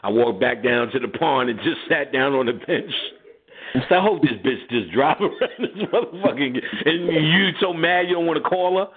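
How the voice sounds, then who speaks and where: A man's voice: on the high side, normal speed. A man hosting a radio show, telling a profane story in casual chat and acting out the people in it, laughing often. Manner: animated, laughing, acts out quotes in voices. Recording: phone-line audio.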